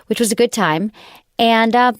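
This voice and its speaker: A woman hosting a podcast, telling a story in animated, casual chat full of "like" fillers. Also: on the high side, normal speed, dry recording, studio quality. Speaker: host.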